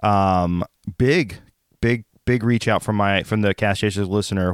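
A man's voice: lowish voice, unhurried, smooth, no echo, studio quality. A man hosting a podcast, introducing his guest with joking, self-deprecating banter. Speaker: podcast host. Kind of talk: casual podcast interview.

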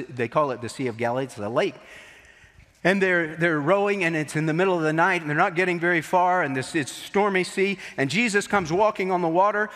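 A man preaches through scripture with a higher-than-usual voice. His sermon builds to emphatic, forceful peaks. A long reverb trails each phrase, as if he is in a large hall. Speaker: pastor.

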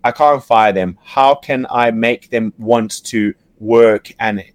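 A man's voice: mid-range voice, takes it slowly, no echo. Laid-back man telling stories, dry mic. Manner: animated, laughs often, swears, many restarts. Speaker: podcast guest, reality TV yacht crew member. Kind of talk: casual storytelling chat.

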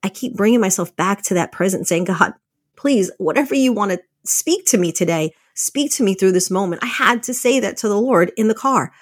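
A woman's voice: medium pitch, animated, fairly quick, breathy edge, dry recording, studio quality. Candid, chatty woman podcast host. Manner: candid, chatty, laughs often. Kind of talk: casual motivational talk.

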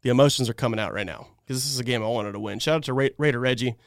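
A man's voice: medium pitch, very fast, no room sound, clean studio sound. A man hosting a live fan stream, breaking down a game in a heated, exasperated rant. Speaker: fan channel host.

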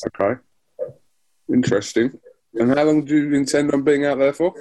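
A man's voice: mid-range voice, steady tone, normal speed, mellow, poor audio. A man interviewing a guest over a video call, asking short, dry, probing questions.

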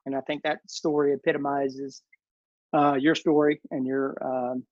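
Flat-voiced man, dull lo-fi sound. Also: medium pitch, no echo. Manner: measured, reflective, quotes scripture. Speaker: podcast co-host. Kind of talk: casual interview.

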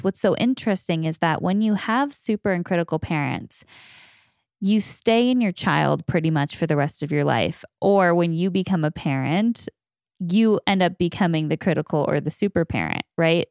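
A woman in her thirties hosts the conversation and explains ideas step by step in a teaching manner. Her voice sits a little low and sounds smooth and clear, with a dry, close sound. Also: darkish tone, no echo. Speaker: podcast host. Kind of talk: conversational interview.

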